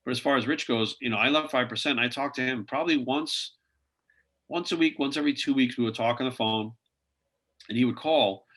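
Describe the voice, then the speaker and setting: Fast, bright-voiced man telling stories. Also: medium pitch. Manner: rambling anecdotes full of "like" and "you know". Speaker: podcast guest. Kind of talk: casual interview storytelling.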